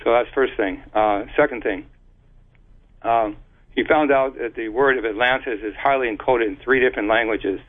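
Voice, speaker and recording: A man speaks as an interview guest, laying out his theory haltingly with frequent restarts and spelled-out letters. His voice sits in a middle pitch. It comes through a narrow, tinny phone line.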